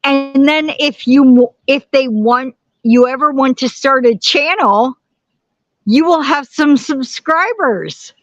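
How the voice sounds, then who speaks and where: A woman's voice: a little high, a bit bright, dry recording, highs cut off. A woman hosting a casual live stream from home, chatting and greeting viewers by name. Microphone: camera on tripod.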